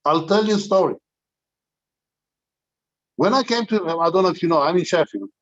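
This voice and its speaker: A man's voice: sits high, lively intonation, normal speed, a bit bright, highs cut off. An older man, a rabbi, telling an anecdotal story to a community gathering, with frequent restarts.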